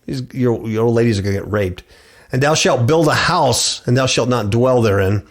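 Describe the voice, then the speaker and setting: A man's voice: mid-range voice, normal speed. A middle-aged man hosting a radio show, preaching and reading scripture aloud. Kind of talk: preaching bible commentary.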